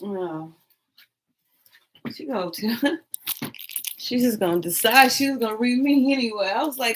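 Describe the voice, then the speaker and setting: A woman's voice: on the high side, unhurried, pauses often, breathy edge. A woman hosting a tarot live stream, telling a rambling, profane story and laughing often.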